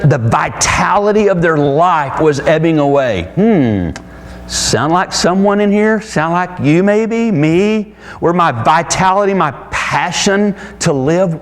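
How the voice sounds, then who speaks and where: Animated male preacher in a reverberant hall. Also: fairly high pitch. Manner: animated, digressive preaching with quick asides. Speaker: pastor. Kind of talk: sermon. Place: church sanctuary. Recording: reverberant hall with faint background noise.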